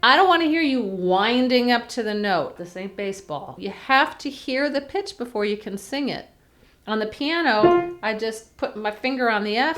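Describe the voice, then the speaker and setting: A woman voice teacher giving a chatty singing lesson, breaking into sung warm-up vowels to demonstrate. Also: on the high side, expressive, normal speed, soft background music. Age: older. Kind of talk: vocal lesson to camera.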